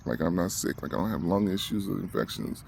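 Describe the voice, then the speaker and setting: A vlogger with a low, creaky voice rants emotionally to the camera, talking fast and animatedly, with a slight hiss or hum on the recording. Agitated, heated, and short of breath, he keeps repeating himself.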